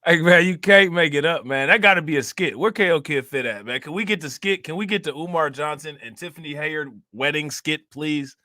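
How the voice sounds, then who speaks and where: A man's voice: fairly high pitch, brisk, few pauses, bright, forceful tone, no room sound, clean studio sound. A man hosting a commentary channel, talking to his viewers in an emphatic, heated way, full of rhetorical questions. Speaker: reaction channel host.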